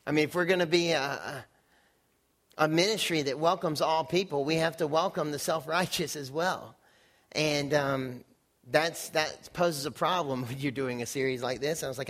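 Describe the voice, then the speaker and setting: A man's voice: fairly high pitch, normal speed, fairly bright tone. A young adult man preaching a conversational sermon, acting out quoted voices and joking at his own expense while demonstrating with props. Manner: conversational, self-deprecating, acts out quotes with props. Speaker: pastor.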